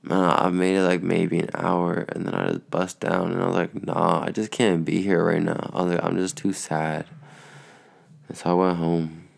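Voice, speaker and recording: A man's voice: sits low, little pitch movement, normal speed, creaky. A young man in casual, rambling vlog chat, laid-back and profane, sounding tired. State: tired, yawning. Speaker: vlogger.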